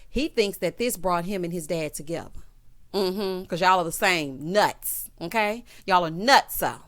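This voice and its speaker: A woman hosting a reality TV recap, telling it like a story with sassy, animated commentary and acted-out quotes. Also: on the low side, a little slow. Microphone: voice-over without camera.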